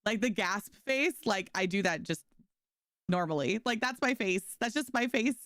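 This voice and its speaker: This young streamer's medium-pitched voice is animated and a bit bright, at a normal speed, recorded in clean studio sound without echo. While gaming, she keeps up a bubbly, casual chat with her viewers and her dog, full of "like".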